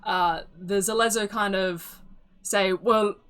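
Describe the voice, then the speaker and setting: A woman's voice: on the low side, normal speed, fairly bright tone. A woman narrating a tabletop game as game master in a casual, rambling way. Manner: casual, filler-heavy narration.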